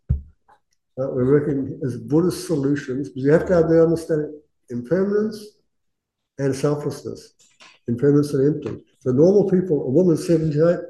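A man's voice: on the high side, dark tone. A man giving a casual Buddhist Dharma talk, chatty, often laughing and acting out quoted voices. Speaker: Buddhist teacher. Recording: roomy echo.

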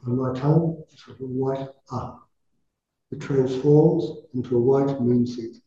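Dark-voiced man leading chanted meditation. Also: mid-range voice, fairly even intonation. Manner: measured, softly intoning recited syllables. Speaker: meditation teacher. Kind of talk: guided visualization with mantra chanting. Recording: echoey, dull lo-fi room recording.

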